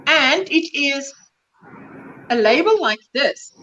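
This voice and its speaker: A woman's voice: high voice, expressive, slow pace, bright, forceful tone, dull audio. A woman hosting a casual crochet livestream, talking in a gushing, enthusiastic, chatty way.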